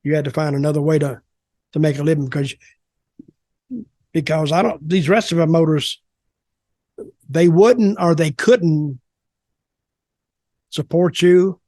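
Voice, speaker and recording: A man's voice: on the high side, measured pace, pauses often, warm tone, no room sound, clean studio sound. An older man, telling rambling stories as a podcast host. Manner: rambling, repeats words as he talks. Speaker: podcast host, former wrestler. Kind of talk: casual storytelling.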